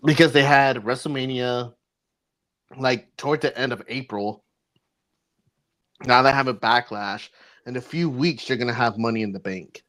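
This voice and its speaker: A man's voice: mid-range voice, unhurried, long pauses, a bit bright. A man co-hosting a podcast, chatting casually, blunt and eager in his reactions and swearing freely. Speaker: podcast co-host. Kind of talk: casual chat.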